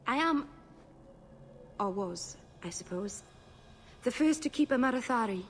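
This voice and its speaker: Shy, awkward Welsh elf. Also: female voice, on the high side, lively intonation, measured pace, slight background noise. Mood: earnest. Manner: awkward, trailing off. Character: shy rambling young elf mage woman. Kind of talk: video game dialogue.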